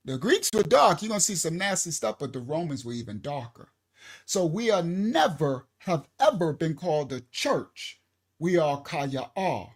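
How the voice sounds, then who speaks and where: A man teaching a congregation in a preaching style, emphatic and repetitive, building to loud exhortation. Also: fairly high pitch. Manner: emphatic, repeats words, rises to loud exhortation. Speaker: teacher of a ministry.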